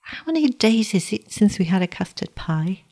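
A woman reading a storybook voices a frail young blind boy in a high, soft, pleading tone. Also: big pitch swings, moderate pace. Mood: coaxing.

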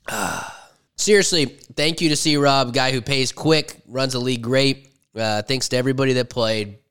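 Smooth-voiced joking podcast guy. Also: mid-range voice, a little slow, fairly bright tone. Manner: joking, profane, laughs often. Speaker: podcast co-host. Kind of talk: casual banter.

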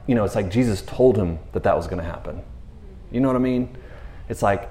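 A man talking casually about scripture in a laid-back, slangy way, retelling stories with lively asides. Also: lowish voice, a little fast. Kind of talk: casual faith talk. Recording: roomy echo.

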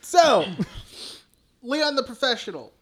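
A man's voice: very high-pitched, sing-song, takes it slowly, fairly bright tone, slight background noise. Young guy on a movie podcast, cusses constantly, laughs a lot, chill rambling chat. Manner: profane, laughs often, rambling. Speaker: podcast co-host. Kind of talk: casual chat.

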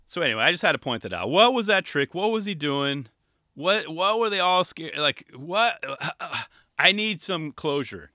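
Excitable young man riffing, lively pitch. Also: moderate pace, no echo, studio quality. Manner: excitable and rambling, full of rhetorical questions. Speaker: skateboarding commentator. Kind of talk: casual solo commentary.

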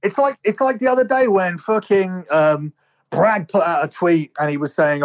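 A man's voice: high voice, normal speed, poor audio. A man co-hosting a podcast in casual chat, rambling and restarting his sentences in a start-stop way. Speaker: podcast co-host.

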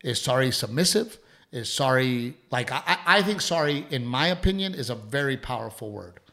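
A middle-aged man co-hosting a casual talk show. He talks in an animated way, jumps into little voices for what others said, and swears freely. His pitch sits in the middle for a man. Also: normal speed, creaky. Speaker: podcast co-host. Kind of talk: casual chat.

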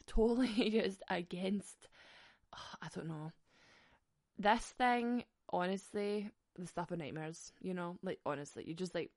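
Giggly ranting woman with a gravelly voice. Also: mid-range voice, no echo, studio quality. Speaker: podcast host. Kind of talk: casual comic monologue.

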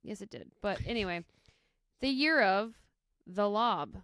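A woman's voice: medium pitch, big pitch swings, unhurried, fairly bright tone, dry recording, clean studio sound. A young woman co-hosting a podcast, chatting casually and jokingly with lots of fillers. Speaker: podcast co-host. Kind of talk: casual chat.

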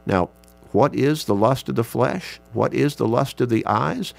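A man teaching a Bible class, speaking in a slow, measured way and reading scripture passages aloud with emphasis. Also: mid-range voice, creaky. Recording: mains hum in background.

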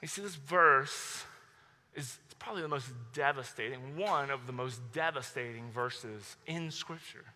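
A male pastor preaching a sermon, telling stories in an animated way and acting out his own outbursts. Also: mid-range voice, a little slow. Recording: long hall reverb.

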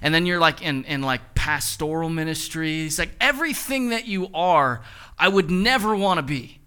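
A man's voice: a little high, lively intonation, normal speed, sharp tone, smooth. A young man in his twenties, a pastor preaching a sermon and telling a story with quoted dialogue. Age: 20s.

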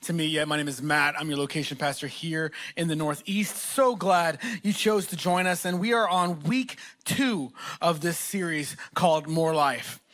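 A man's voice: on the high side, normal speed, hardly any pauses. A man from Texas, a location pastor giving a sermon full of self-deprecating, humorous stories. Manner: animated, self-deprecating storyteller. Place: church auditorium.

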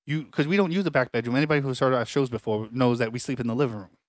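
A man's voice: mid-range voice, racing, no room sound. Man telling a story, casual and dry. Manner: rambling, frequent restarts, animated retellings. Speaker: podcast co-host. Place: home apartment.

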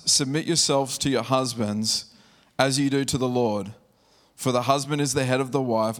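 Man preaching in a conversational way. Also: mid-range voice. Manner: conversational preaching with scripture reading. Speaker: pastor. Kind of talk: sermon.

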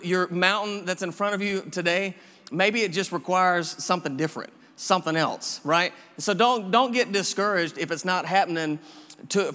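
A man preaching to his congregation in a loose, encouraging way, circling back and repeating himself. His voice sits a little high for a man, and it rings out with a long echo in a church hall. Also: pushed and bright. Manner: casual, repetitive, encouraging preaching with many restarts. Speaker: pastor. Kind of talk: sermon.

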